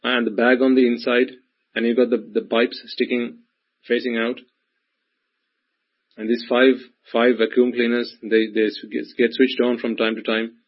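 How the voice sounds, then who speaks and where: Husky male Buddhist teacher giving a dharma talk, mid-pitched, many rhetorical questions. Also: little pitch movement, moderate pace. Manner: repetitive, full of rhetorical questions. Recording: dull lo-fi recording.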